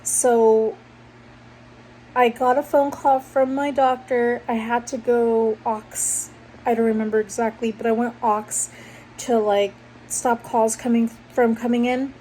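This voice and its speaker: A woman's voice: fairly high pitch, flat delivery, unhurried, mellow, poor audio. A young woman vlogger casually telling a personal story, rambling and correcting herself as she goes. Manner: rambling, self-correcting, conversational. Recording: faint background noise.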